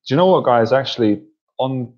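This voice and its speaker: A man's voice: medium pitch, expressive, fairly quick, darkish tone. Playful chatty male dating coach. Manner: chatty, playful, often laughing. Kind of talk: casual coaching talk to a group. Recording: dull lo-fi recording.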